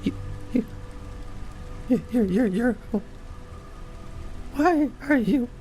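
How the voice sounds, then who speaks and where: A man's voice: very high voice, animated, extremely slow, mellow, soft background music, voice pushed up, full character voice. A man voicing an anxious male animatronic sun who stammers and panics in a fan animation. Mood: panicked.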